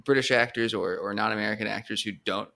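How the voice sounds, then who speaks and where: A man co-hosting a podcast, chatting casually about TV shows with animated restarts and stumbles. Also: fairly low pitch, quick pace, creaky. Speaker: podcast co-host.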